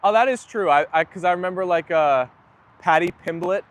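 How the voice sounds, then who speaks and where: A young man with a voice a little higher than most men's hosts a relaxed livestream. He talks in an easy, chatty way, reads out viewer comments and agrees with them warmly. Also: fairly quick. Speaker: livestream host. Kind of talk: casual chat reading viewer comments.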